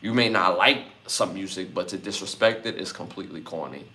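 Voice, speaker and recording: A man's voice: low voice, brisk, pushed and bright. A man from Brooklyn, hosting a live podcast, reading out chat comments and repeating his lists. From Brooklyn, New York. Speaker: podcast host.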